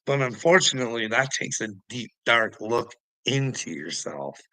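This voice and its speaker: A man's voice: mid-range voice, big pitch swings, normal speed, pushed and bright, no room sound, low-quality recording. A man delivering an angry, scornful monologue that is heavy on swearing, calling out people online. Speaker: online commentator. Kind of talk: profane ranting monologue.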